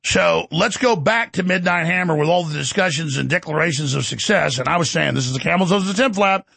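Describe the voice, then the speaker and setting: A man hosting a talk show, ranting sarcastically with shouted bursts. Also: fairly high pitch, animated, a little fast, gravelly, breathy edge, no room sound. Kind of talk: ranting monologue.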